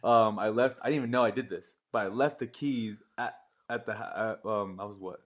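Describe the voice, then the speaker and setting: A young man co-hosting a podcast who speaks quietly, trails off, and chips in with short agreements. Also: lowish voice, a little fast. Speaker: podcast co-host. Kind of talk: casual chat.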